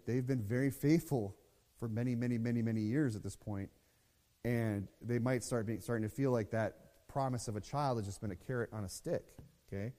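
A man's voice: medium pitch, dark tone, big-room sound. A man teaching a Bible study in a loose, conversational way, repeating words and reading scripture aloud.

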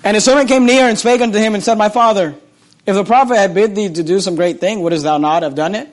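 Man preaching, very high voice, animated sermon delivery, repeats phrases, loud then hushed. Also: fast talker.

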